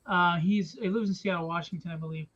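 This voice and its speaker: A man's voice: sits high, fairly even intonation, fast, fairly bright tone. A man hosting a live stream from home in a casual, joking, teasing way. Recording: dull lo-fi stream audio with faint noise.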